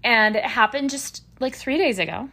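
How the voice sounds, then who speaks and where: A woman's voice: fairly high pitch, moderate pace, bright, forceful tone. Middle-aged woman, podcast co-host; candid, emotional, meandering delivery. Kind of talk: casual chat.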